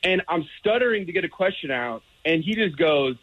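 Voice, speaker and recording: A man's voice: fairly high pitch, lively intonation, a little fast, dry recording, narrow, tinny audio. A man calling in to a radio show, telling a story in a rambling, laughing way with many restarts. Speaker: radio caller. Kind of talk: casual storytelling.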